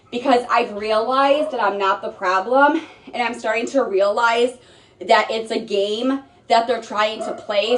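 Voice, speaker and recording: A young adult woman livestreaming from home, rambling, defensive and repetitive. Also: fairly high pitch. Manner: rambling, repeating herself, defensive. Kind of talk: emotional livestream rant. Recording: echoey room, mic held off at a distance.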